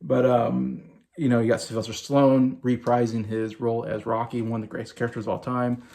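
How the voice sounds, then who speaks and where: A man's voice: medium pitch, level tone, a little fast, vocal fry, dark tone. A man in his forties gushing enthusiastically in a casual movie review vlog.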